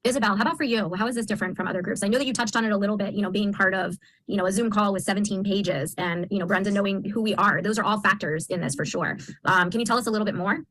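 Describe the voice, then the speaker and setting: A woman's voice: mid-range voice, rapid-fire, dry recording. A woman coach hosting a group video call, asking members questions and affirming their answers. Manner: warm affirming interviewer, frequent agreement.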